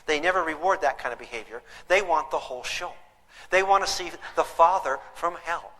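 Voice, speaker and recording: A man giving a humorous parenting seminar, talking in an animated, theatrical way. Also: a little high, fairly quick, in a large hall, poor audio. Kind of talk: humorous live seminar talk. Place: lecture hall with an audience.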